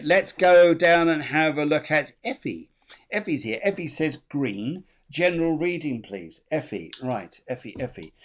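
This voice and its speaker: A man, hosting a live spiritual reading, talking in a chatty, repetitive way and laughing often. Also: a little high. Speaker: medium, show host.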